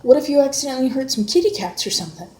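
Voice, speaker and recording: A woman chatting casually with her child at home, encouraging and gently coaxing in a motherly way. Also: high voice, sing-song, rapid-fire. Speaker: mother homeschooling her son. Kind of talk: casual family chat. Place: home, at the breakfast table. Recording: echoey room with faint background noise.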